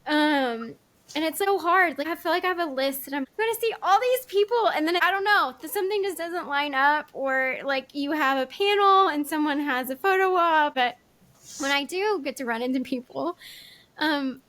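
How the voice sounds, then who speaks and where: A woman's voice: high-pitched, normal speed, a bit bright. A woman, a podcast host from Arkansas, chatting in a rambling, giggly way with lots of fillers. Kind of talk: casual chat.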